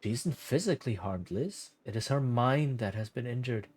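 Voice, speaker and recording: A man voicing a gentle male gnome adventurer in a game, speaking quietly and tenderly. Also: medium pitch, expressive, normal speed, lightly acted.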